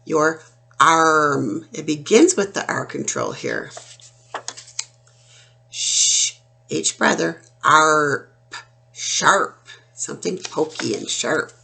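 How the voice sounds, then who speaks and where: Slow-spoken woman teaching phonics. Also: low voice, animated, fairly bright tone. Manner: slow, clear, drawn-out sounding of words. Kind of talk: phonics lesson for young children.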